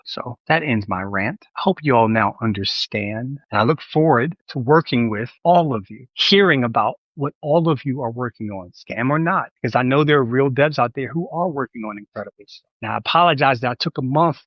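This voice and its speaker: A man hosting a podcast, giving an emphatic, wounded rant that rises into loud reproach. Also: mid-range voice, fairly quick, hardly any pauses, dry recording, dull audio. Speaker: podcast host. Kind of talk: impassioned rant to the audience.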